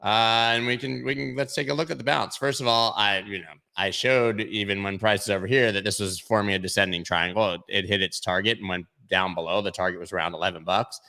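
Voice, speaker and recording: A man's voice: fairly low pitch, steady tone, brisk, gravelly, few pauses, pushed and bright. A man hosting a casual crypto livestream, chatting through charts and making jokey asides to his viewers. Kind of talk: casual livestream market commentary.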